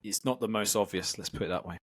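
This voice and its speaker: A man's voice: on the low side, quick pace, no echo. A man co-hosting a football podcast, easygoing in casual chat and reading out the fixtures. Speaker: podcast co-host.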